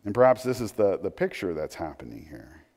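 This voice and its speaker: A man's voice: deep voice, sing-song, brisk, darkish tone. A man preaching a sermon in a conversational way, with frequent restarts and asides. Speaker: pastor. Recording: long hall reverb.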